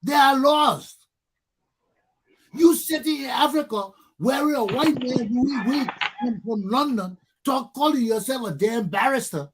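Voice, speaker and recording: A man from Liberia rants on his talk show, firing off angry rhetorical questions and cursing as he circles back to the same points. His husky voice swings from low muttering to shouted bursts. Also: expressive, normal speed, hardly any pauses. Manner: angry, profane, repeating himself, rhetorical questions. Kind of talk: heated talk show rant.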